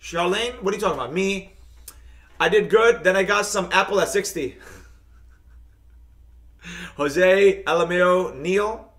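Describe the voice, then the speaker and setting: A man's voice: sits high, a little slow, pauses often, a bit bright. A man hosting a live-streamed trading lesson. He talks straight to his viewers, reads out their comments, and keeps chanting hyped catchphrases.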